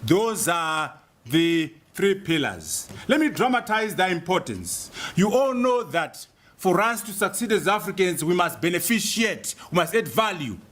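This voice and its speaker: A man's voice: sits high, big pitch swings, measured pace, fairly bright tone. A man from Zimbabwe giving an emphatic, rhetorical public speech, repeating key phrases for effect. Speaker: speaker.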